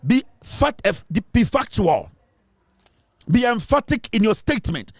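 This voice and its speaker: Ghanaian male commentator, high-pitched and insistent, dry close sound. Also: sing-song, a little slow, no echo. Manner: emphatic, lecturing, switching between English and Twi. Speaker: online commentator. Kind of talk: impassioned social commentary.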